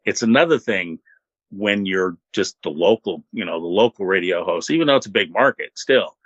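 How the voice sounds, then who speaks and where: Bright, lively-voiced older radio man. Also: low-pitched, moderate pace, no room sound, muffled recording. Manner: animated, laid-back storyteller who acts out quotes. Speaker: interview guest, former radio host. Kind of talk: casual storytelling.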